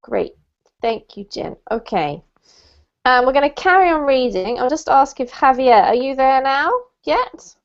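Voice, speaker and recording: A woman teaching an online English class over a video call, encouraging and slowing down to model words. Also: sits high, animated. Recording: muffled lo-fi call audio.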